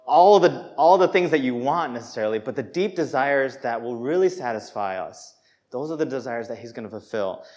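Lively self-mocking male preacher. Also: mid-range voice. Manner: candid, self-deprecating, laughs at himself; lively, acts out quoted voices. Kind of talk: sermon. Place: church.

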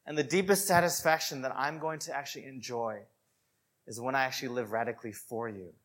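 A man preaching a sermon in a conversational, animated way, full of "you know" and "like". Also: mid-range voice, brisk.

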